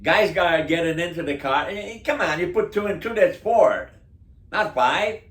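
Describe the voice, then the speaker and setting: A man's voice: sits high, animated, moderate pace, a bit bright, reverberant. A man speaking as a local resident, venting indignantly in a rambling, casual monologue full of restarts and broken grammar. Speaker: local resident complaining about city officials. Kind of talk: casual spoken complaint monologue.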